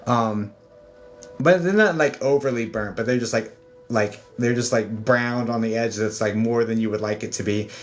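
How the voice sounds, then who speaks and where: A man's voice: medium pitch, moderate pace, faint music behind. A man working as a psychic medium, giving a chatty livestream spirit reading full of fillers and calling people darling.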